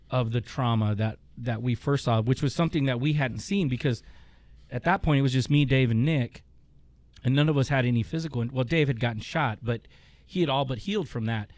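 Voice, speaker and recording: A man's voice: medium pitch, moderate pace, no room sound. A man hosting a casual chat, telling a long story with swearing and laughter. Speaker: podcast host.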